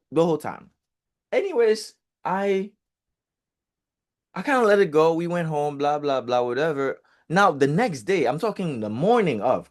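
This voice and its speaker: Male speaker for a real estate group, casual storyteller with a lively, rather high voice and a loose, profane delivery. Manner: animated, chatty, swears, fillers like blah blah.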